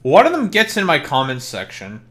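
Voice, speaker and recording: A man's voice: a little high, wildly swooping pitch, normal speed, fairly bright tone. A man streaming while he plays a game, chatting casually in joking, profane rants. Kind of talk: casual gameplay chat.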